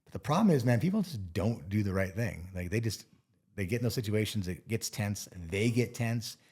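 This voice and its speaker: Deep-voiced man explaining bear safety calmly. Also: normal speed, husky. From Montana. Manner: relaxed, explains with playful acted-out asides. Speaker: bear expert guest. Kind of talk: casual interview talk.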